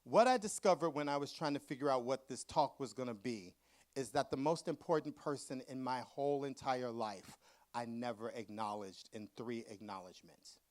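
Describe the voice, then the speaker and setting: A man who is an author, telling comic stories to a live audience at a museum event in an animated, campy way and acting out the voices. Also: medium pitch, normal speed. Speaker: author giving a book talk.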